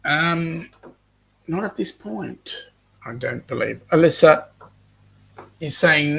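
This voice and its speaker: A man's voice: fairly high pitch, slow pace, vocal fry, pauses often, sharp tone. An Australian man hosting a casual live stream, chatting and reading out viewer comments with plenty of ums. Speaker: host reading live chat.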